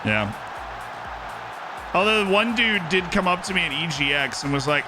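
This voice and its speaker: A man streaming a game live, commenting on the play and answering chat in a joking, animated way. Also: a little high, moderate pace, long pauses, music in the background.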